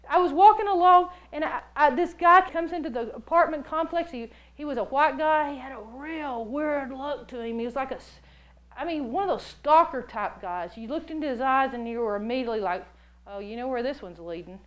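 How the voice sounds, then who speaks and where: A woman preaching a sermon, telling stories in an animated, jokey way and acting out the voices she quotes. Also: high voice, brisk, low-quality recording. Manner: jokey, laughs often.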